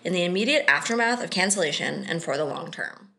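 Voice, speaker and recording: A woman co-hosting a podcast in casual, chatty conversation, relaxed and full of fillers. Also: fairly low pitch, fast talker, creaky. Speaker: podcast co-host.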